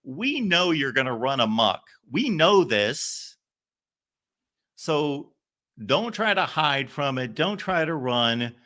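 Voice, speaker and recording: Guy doing an old southern coach, drawl, a bit higher and punchier than his own voice. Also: big pitch swings, slow pace, sharp tone, exaggerated voice. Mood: stern. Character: gruff older male Southern football coach.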